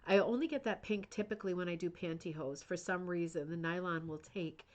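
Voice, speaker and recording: Brisk and low-voiced with a darkish tone, this US host of a rug hooking club channel reads out comments from viewers during a live stream while chatting eagerly about a book.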